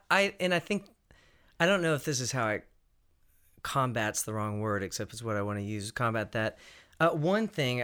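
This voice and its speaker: A man's voice: medium pitch, a bit bright. Reflective man with a Southern accent. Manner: reflective, laughs easily, searches for words. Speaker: panel guest. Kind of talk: casual panel discussion.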